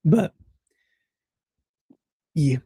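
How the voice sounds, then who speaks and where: An American man in his thirties, co-hosting a casual podcast and telling stories in a relaxed, rambling way with fillers and laughs. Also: very slow, dry recording, clean studio sound. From United States. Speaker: co-host.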